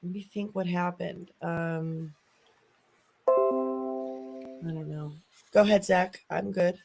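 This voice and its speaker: A woman's voice: on the low side, fairly even intonation, slow, gravelly, over music, poor audio. A woman from the Chicago area co-hosting a live stream panel, chatty, swearing and laughing often. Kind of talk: casual livestream chat.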